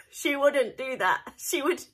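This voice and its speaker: A Northern English woman vlogging from home, chatting to camera in a rambling, cheerful way. Her voice sits fairly high and rings bright and forward. She drifts into little asides as she talks. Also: wildly swooping pitch, takes it slowly. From north of England. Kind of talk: casual chat to camera.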